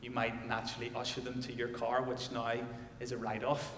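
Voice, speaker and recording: A male pastor delivering a sermon and reading scripture, swinging from loud declarations to hushed emphasis. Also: mid-range voice, monotone, brisk, slight background noise. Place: church. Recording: echoey church hall.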